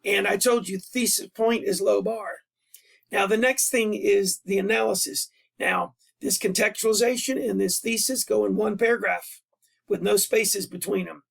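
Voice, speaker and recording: A man, a history teacher, explains a writing assignment and how he grades it. He speaks in a plain, patient way with casual asides, and his voice is hoarse and worn out after a long day. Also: sits high, steady tone, moderate pace. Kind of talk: recorded classroom lesson over a screen. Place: at a computer, voice-over.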